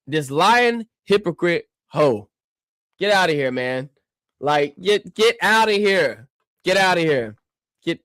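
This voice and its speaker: A man's voice: medium pitch, no room sound. Male streamer, combative reaction rant, mocking, dry and close. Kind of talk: ranting reaction commentary.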